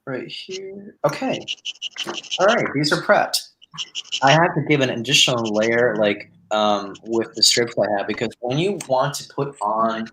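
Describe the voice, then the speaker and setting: A man's voice: medium pitch, background noise. A man from the United States, a guest modeller on a live stream, explaining his work casually with many fillers. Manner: relaxed, rambling explanations with fillers.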